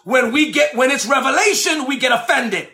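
Delivering a sermon, this preacher is animated and emphatic, repeating lines for effect. He alternates shouting with low phrases he stretches out slowly.

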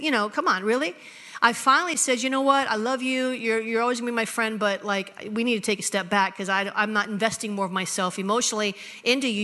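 A middle-aged woman pastor tells a personal story from the pulpit, slipping into the voices of both sides of a conversation. Her voice is high and bright. The sound carries a long reverb from a large hall. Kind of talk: sermon storytelling.

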